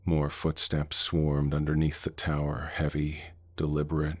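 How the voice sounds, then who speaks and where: Male horror narrator, extremely deep, husky, measured and ominous. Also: completely flat delivery, no room sound, clean studio sound. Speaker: horror storyteller.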